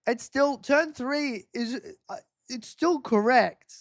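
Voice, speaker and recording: A man's voice: sits high, big pitch swings, unhurried, no echo, studio quality. A man hosting a live race-watch quiz stream, teasing viewers in casual chat.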